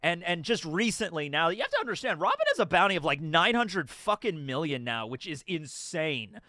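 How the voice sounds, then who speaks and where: A man in his thirties giving a rambling, casual review of a manga chapter. He swears and laughs, and now and then jumps into loud, high outbursts. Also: big pitch swings, moderate pace, no room sound, clean studio sound. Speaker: anime and manga reaction host.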